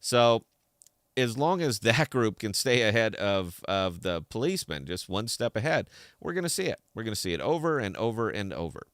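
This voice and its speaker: A man's voice: on the low side, sing-song, moderate pace, fairly bright tone, no echo, studio quality. A man hosting a podcast in an opinionated, heated solo rant, talking with a slight lisp and repeating words as he gets worked up. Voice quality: slight lisp from a dental hole. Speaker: podcast host.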